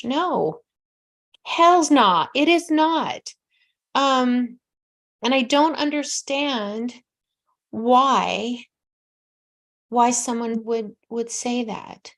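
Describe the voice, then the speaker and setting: Host, woman in her sixties, slightly high pitch, emphatic and heartfelt, dips into hushed soft passages. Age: 60s. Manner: emphatic, heartfelt, drops to soft near-whispers. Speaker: psychic medium host. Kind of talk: casual call-in advice talk.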